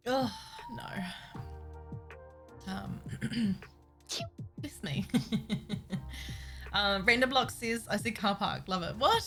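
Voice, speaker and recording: A woman's voice: medium pitch, normal speed, pauses often, bright, forceful tone, faint music behind. A woman, chatting casually with her stream audience while building, giggling and talking to herself. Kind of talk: casual chat while building a game map.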